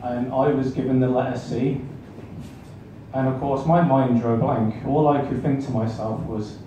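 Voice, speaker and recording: A man's voice: medium pitch, fairly even intonation, normal speed, dull audio. Self-mocking stand-up man, echoey club. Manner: self-deprecating, awkward banter with audience. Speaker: stand-up comedian. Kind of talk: stand-up set. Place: comedy club stage. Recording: echoey club room, mic far off, background noise.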